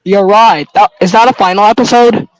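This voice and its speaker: A man's voice: sits high, fairly even intonation, normal speed, low-quality recording. A man in a casual livestream chat, firing trivia questions at his friends. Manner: quizzes the others with trivia questions.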